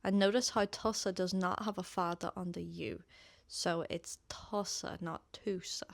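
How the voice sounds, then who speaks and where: Irish woman, language teacher, patient, drills phrases slowly, dry close sound. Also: fairly low pitch, steady tone, vocal fry, no echo. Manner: patient, repeats example phrases slowly for learners. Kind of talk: casual online language lesson.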